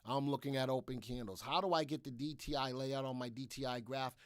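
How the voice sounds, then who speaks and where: A man's voice: medium pitch, brisk, no room sound, clean studio sound. A man hosting a live trading room, talking energetically and repetitively through his trades while answering viewers' questions.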